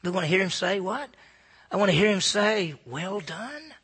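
A man preaching a sermon at a church service, swinging from loud calls to hushed near-whispers. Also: sits high, sing-song, normal speed, husky. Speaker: pastor.

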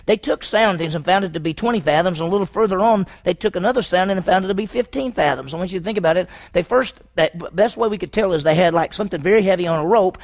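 Speaking fast with a high voice and hardly any pauses, a man works through a Bible passage in a sermon. He asks his listeners questions and performs the quotes of the people involved.

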